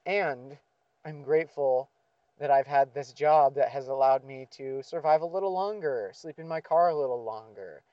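A man's voice: medium pitch, moderate pace, no echo, muffled recording. A man venting in a profane, sardonic monologue, with frequent swearing and sighs. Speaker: vlogger.

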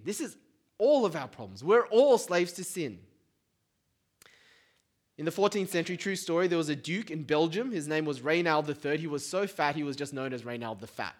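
A man preaching a sermon in a relaxed, conversational way, often checking in with the congregation. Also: on the high side, moderate pace. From Australia. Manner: informal, keeps checking in with "right?".

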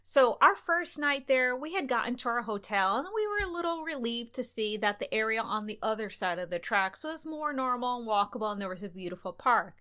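A young adult woman co-hosting a travel podcast, with a bright voice that sits a bit high. She tells her stories casually and animatedly, slipping in quoted dialogue. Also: very animated, brisk, hardly any pauses. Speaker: podcast co-host.

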